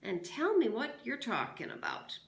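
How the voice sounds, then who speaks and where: A woman voicing a drunk, lecherous small-town sheriff who speaks in a slow drawl, read aloud in an echoey room. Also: on the high side, huge pitch swings, vocal fry, fairly bright tone, voice pushed up, exaggerated voice. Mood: leering drawl.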